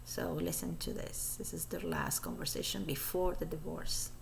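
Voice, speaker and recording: A woman with a low, gravelly voice chats through gossipy commentary. Her tone stays casual, and a faint hiss runs underneath. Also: wildly swooping pitch, normal speed. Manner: chatty, gossipy asides. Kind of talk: casual commentary over a played recording.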